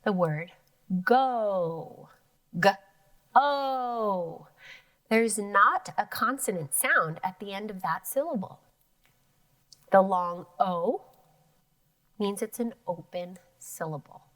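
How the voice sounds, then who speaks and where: A woman teacher giving a phonics lesson to children, slowly and clearly stretching out sounds and spelling letters. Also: mid-range voice, a bit bright, no room sound, distant mic. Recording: dry sound, voice a bit off the mic.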